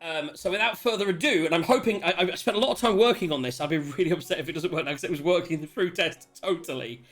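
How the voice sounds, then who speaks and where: A man hosting a tabletop role-playing stream, chatting excitedly and rambling with many restarts. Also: a little high, fast. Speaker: host and player character. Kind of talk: casual chat opening a tabletop game stream.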